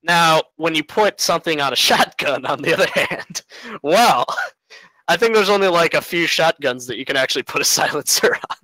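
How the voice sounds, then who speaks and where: A man's voice: fairly high pitch, lively intonation, normal speed, bright, forceful tone, no room sound, poor audio. A man giving a rambling, casual debate argument, full of fillers and little laughs.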